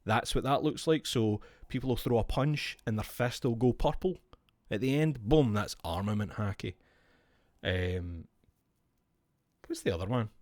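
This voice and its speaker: A man's voice: mid-range voice, animated, measured pace, darkish tone, dry recording, studio quality. A Scottish man streaming, chatting casually and explaining with gusto, swearing freely. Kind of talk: casual chat while showing cards.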